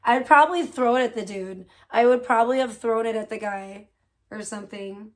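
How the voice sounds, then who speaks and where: A woman's voice: a little high, moderate pace. A woman hosting a casual livestream, gossiping and reacting to chat, swearing freely. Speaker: livestream host.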